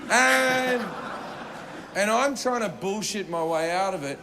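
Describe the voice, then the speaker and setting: A man tells a stand-up story with a slightly high voice, swearing freely and acting out each moment. It is a live show recording with clear background noise underneath. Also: slow pace. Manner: profane, animated, acts out scenes. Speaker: stand-up comedian.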